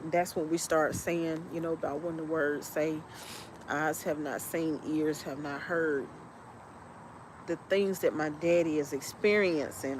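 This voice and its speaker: A woman hosting a podcast, telling a personal story in a halting, heartfelt way while tearful. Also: fairly low pitch, poor audio. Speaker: podcast host. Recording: noticeable background noise.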